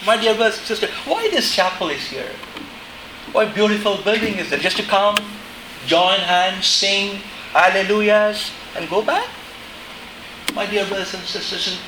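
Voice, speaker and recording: Impassioned preacher with a lively high voice. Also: male voice, normal speed, echoey room, background noise. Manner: impassioned, swings between hushed and shouting. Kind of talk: sermon. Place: chapel.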